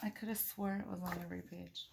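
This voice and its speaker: A woman's voice: lowish voice, level tone, quick pace, vocal fry, noisy background. A woman reading a picture book aloud to her children, playful and giggly, breaking off for chatty asides and animal noises.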